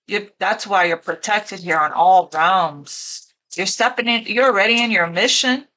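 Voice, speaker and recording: A woman's voice: medium pitch, measured pace, bright, forceful tone. A woman giving a casual tarot reading, emotional and teary, gushing and repeating her phrases. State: teary, choked up. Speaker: tarot reader.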